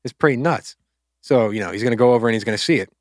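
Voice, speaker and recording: A man's voice: fairly low pitch, steady tone, rapid-fire, no room sound, studio quality. Casual male podcaster retelling a story. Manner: loose, conversational, acts out quotes with filler words. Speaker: podcast co-host.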